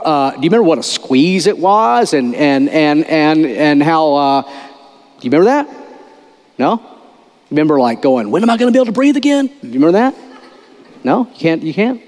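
A man preaching a conversational sermon in a church, his voice sitting a touch high for a man. He talks loosely, restarting phrases and firing questions at the congregation. A long reverb from the hall trails behind his words. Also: a little mellow. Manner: informal, repeats words, quizzes the audience. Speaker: pastor.

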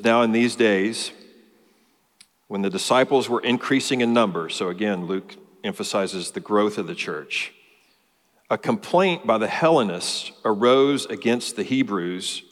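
A man's voice: fairly low pitch, big-room sound. A man preaching a sermon as pastor, explaining a passage and building emphasis through lists.

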